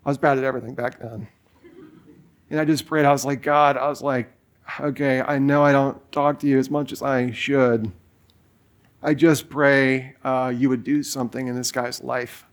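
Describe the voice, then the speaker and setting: A man's voice: medium pitch, little pitch movement, moderate pace. A man in his forties preaching a sermon, telling a personal story in a casual way with lots of fillers. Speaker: pastor.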